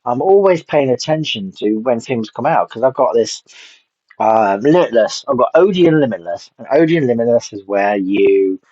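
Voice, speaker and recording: A man rambles through a film review, blunt and casually profane, often trailing off mid-thought. His voice sits at an ordinary middle pitch. The recording is dull and lo-fi, with a dry, close sound. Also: mellow, no echo.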